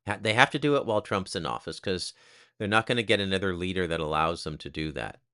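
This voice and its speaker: A man with a lowish voice and a bright, cutting edge talks off the cuff in a casual commentary. He is blunt and crude, and he jabs sarcastic asides at the listener. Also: fast, smooth. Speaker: host.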